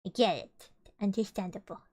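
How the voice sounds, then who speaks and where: A woman's voice: medium pitch, normal speed, warm tone, breathy edge. A young woman streamer reading a storybook aloud with casual, chatty and giggly asides between passages.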